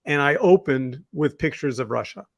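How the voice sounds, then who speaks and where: A man co-hosting a podcast, speaking in a somewhat raised pitch for a male voice. He tells reflective anecdotes in a rambling, conversational way, full of fillers and restarts. The sound is dry and close, with no room around it. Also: lively intonation, normal speed, gravelly, no echo. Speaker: podcast co-host. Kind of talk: casual discussion.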